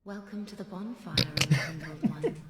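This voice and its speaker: A woman voicing a gentle fire keeper, speaking softly and slowly in a solemn way. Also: mid-range voice, husky, no room sound, studio quality. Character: gentle female fire keeper tending a bonfire.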